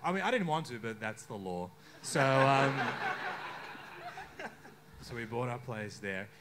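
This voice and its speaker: A young man with an Australian accent doing a stand-up comedy set on a bar stage, deadpan with sudden outbursts. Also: medium pitch, unhurried, very noisy. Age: young adult. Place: bar stage before a live crowd.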